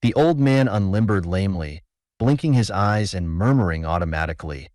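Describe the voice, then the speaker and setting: A man reading a classic short story aloud as narrator, in a measured, expressive way. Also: low-pitched, dry recording, studio quality.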